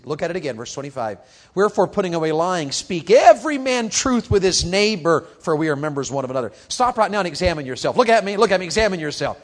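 High-voiced guy preaching, swoops up and down a lot, pounds questions at the kids. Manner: animated, calls out questions to the crowd; swings from quiet to shouting. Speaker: youth preacher. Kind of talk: sermon.

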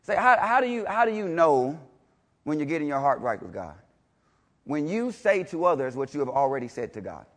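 A man preaching a sermon to a congregation, emphatic and repetitive, swinging between loud declarations and low, intense passages, with rhetorical questions. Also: big pitch swings, a little fast.

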